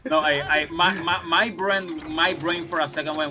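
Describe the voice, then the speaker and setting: A man's voice: on the high side, moderate pace, music in the background. A man from Puerto Rico chatting casually while playing a video game with a friend, often restarting his words and laughing. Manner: animated, stumbling restarts, frequent laughs. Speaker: guest player. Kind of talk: casual gaming chat.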